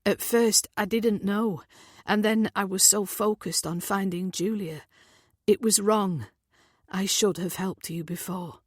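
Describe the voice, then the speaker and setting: Woman doing a worried man hunting for his sister, earnest, apologetic, slow delivery. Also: medium pitch, steady tone, husky, no echo, clean studio sound.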